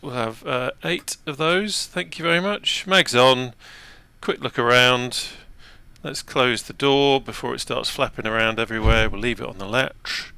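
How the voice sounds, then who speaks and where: Male sim-flying host, casual and self-deprecating; gravelly, bright voice in a dry room. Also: medium pitch, a little slow, no room sound. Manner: chatty, self-deprecating, talks while operating controls. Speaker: flight sim video host. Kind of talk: casual gameplay narration.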